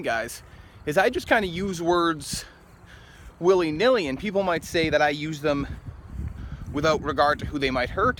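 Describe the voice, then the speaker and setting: A man with a slightly raised pitch rambles through a casual opinion vlog in a loose, opinionated way and chuckles now and then. He is outdoors on a city street, with faint traffic noise behind him. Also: a bit bright. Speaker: vlogger.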